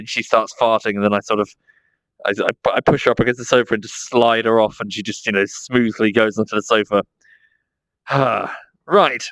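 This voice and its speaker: A man's voice: mid-range voice, a bit bright, dry recording. A man with an Estuary English accent, chatting casually on his livestream, reading chat and talking fondly to his dog. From south of England. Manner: chatty, fondly baby-talks to his dog between remarks.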